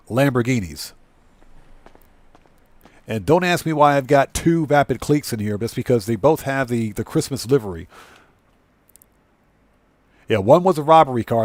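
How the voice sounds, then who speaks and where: A man's voice: medium pitch, no echo. Friendly male game streamer, dry sound. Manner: friendly, thanks viewers at length; laughs easily while signing off. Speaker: live stream host. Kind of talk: casual gaming live stream chat.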